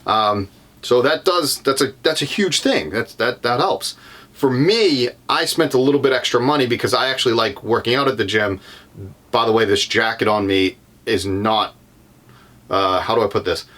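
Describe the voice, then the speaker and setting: A young man with a Boston accent speaks in a mid-range voice at normal speed, with a fairly bright tone. He's a van life vlogger casually walking through his van, rambling with lots of ums and self-corrections.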